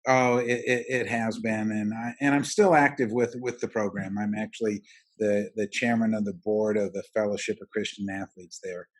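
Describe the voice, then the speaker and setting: A middle-aged man, a roofing company president, telling his story in an interview, halting with many restarts and fillers. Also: on the low side, fairly even intonation.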